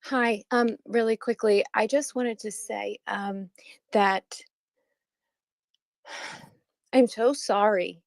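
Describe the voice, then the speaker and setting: An American woman calling in to a live audio chat, speaking in an apologetic, halting way with sighs and pauses. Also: mid-range voice, fairly even intonation, vocal fry, dry recording. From United States. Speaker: caller.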